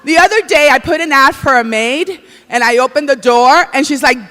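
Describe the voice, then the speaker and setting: A man's voice: very high voice, normal speed, bright, forceful tone. A man from the Republic, hosting a comedy show on stage and joking with the crowd in a flamboyant way. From Dominican Republic. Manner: flamboyant, exclaims in Spanish. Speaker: comedy awards host. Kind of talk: stand-up hosting. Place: comedy stage before a live audience.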